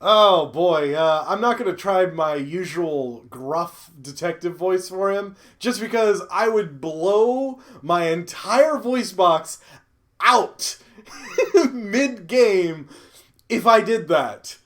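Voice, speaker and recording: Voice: mid-range voice, expressive, takes it slowly. A streamer playing a story game who reads its lines and cuts in with jokes, swearing and frequent laughter. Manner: joking, swears, laughs a lot. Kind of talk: game reading and commentary. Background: game music.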